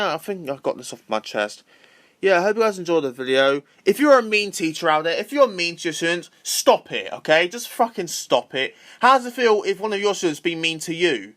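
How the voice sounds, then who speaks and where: A man's voice: sits high, a bit bright. A man ranting casually to camera, repetitive and swearing freely. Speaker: vlogger.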